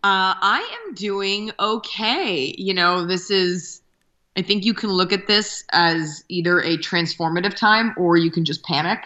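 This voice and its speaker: A woman's voice: medium pitch, a little slow, sharp tone, lo-fi sound. A woman comedian being interviewed remotely, chatting in a wry, self-deprecating way with hesitant starts. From Texas. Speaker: comedian guest. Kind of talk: casual interview over a remote call.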